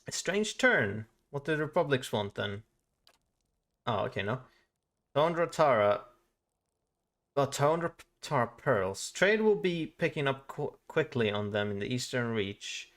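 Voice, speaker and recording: A man's voice: mid-range voice, very animated, measured pace, a bit bright. Foul-mouthed chatty male game streamer. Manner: chatty, swears often, reads game text aloud. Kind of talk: casual live-stream commentary.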